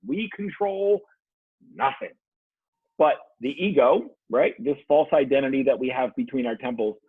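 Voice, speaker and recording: Brief: earnest male coach guest, husky voice, tinny phone-line sound. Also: mid-range voice, no room sound. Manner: earnest, heartfelt, frequent restarts. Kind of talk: podcast interview.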